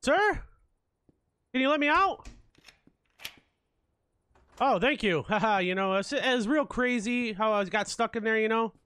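Guy yelling and cursing thru a scary game, high bright voice, swings all over the place. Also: lively intonation, a little slow, pauses often, clean tone, no echo. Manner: jumpy, swears a lot, jokes through his fear. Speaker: let's play gamer. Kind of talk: horror game commentary.

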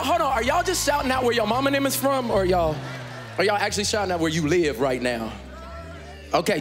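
A man pastor addressing his congregation live in a large church sanctuary, energetic and playful, shouting out to the crowd. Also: on the high side. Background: worship music.

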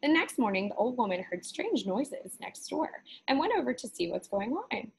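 A woman teacher reading a Halloween picture book aloud to children with expressive storytelling. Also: a little high, moderate pace, vocal fry, a little hiss or hum, rough recording.

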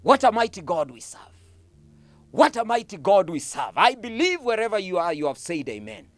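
A Kenyan English-accented man preaches with emphatic, repetitive phrasing. His pitch rises and falls dramatically, and the recording is dry, with little room sound. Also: big pitch swings, moderate pace, dry recording. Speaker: pastor. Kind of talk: sermon.

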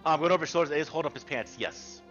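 A man narrating a tabletop game as game master, describing scenes in a relaxed, halting way. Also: fairly high pitch, muffled recording, faint music behind.

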